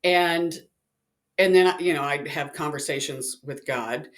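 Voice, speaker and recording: A woman's voice: deep voice, measured pace. A woman, a psychic, casually telling a personal story and acting out the voices of the people in it. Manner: chatty, animated, acts out quoted voices.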